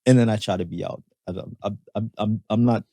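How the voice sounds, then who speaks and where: A man's voice: fairly low pitch, fairly quick, mellow, husky, dry recording. A man co-hosting a podcast in casual chat, laid back, often repeating words as he starts, in a dry room. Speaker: podcast co-host.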